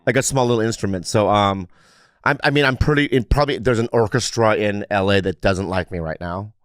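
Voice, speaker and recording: Comedy podcast co-host, man, dry close studio sound, lively storyteller. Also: lowish voice, a little fast, no echo. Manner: storytelling, animated, swearing, laughing often. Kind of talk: casual comedy podcast chat.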